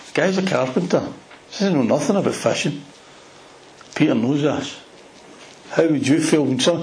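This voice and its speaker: Glaswegian man preaching, animated storytelling. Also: fairly high pitch, roomy sound, slight background noise, low-quality recording. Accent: Glaswegian Scottish. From Scotland. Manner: animated storytelling with local slang. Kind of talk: expository sermon.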